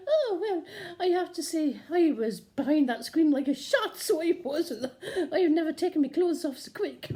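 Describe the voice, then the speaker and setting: A woman plays a cheeky nun who gossips and giggles through a rambling comic monologue. Her voice is high and mellow, and it swoops up and down as she chatters on. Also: sing-song, moderate pace. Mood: giddy gossip.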